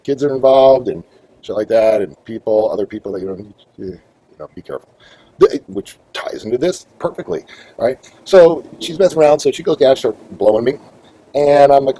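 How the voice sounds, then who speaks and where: A middle-aged man hosting his own show, telling a long story in a rambling, profane, animated way. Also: mid-range voice, normal speed, slight background noise, rough recording. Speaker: host. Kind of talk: casual storytelling monologue.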